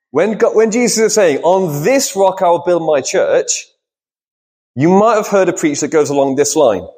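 A man's voice: fairly high pitch, darkish tone. A man preaching a sermon in a church, talking with the congregation, asking questions and answering them himself.

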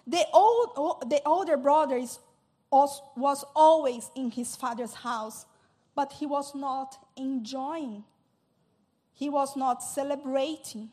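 A woman preaching a sermon in a halting, earnest way, often repeating and restarting her words. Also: sits high, dark tone.

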